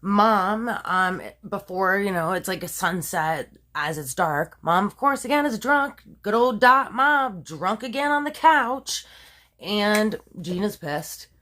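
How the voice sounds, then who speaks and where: A woman's voice: mid-range voice, lively intonation, slow pace, a bit bright, a little hiss or hum. Woman doing a casual true crime story, lots of like and you know, kinda dramatic about it. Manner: chatty, full of fillers and asides; laughs at her own dramatic telling.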